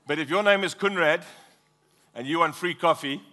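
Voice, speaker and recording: A man's voice: a little high, moderate pace, pushed and bright. A middle-aged man preaching a passionate sermon as pastor, prompting the congregation to repeat lines.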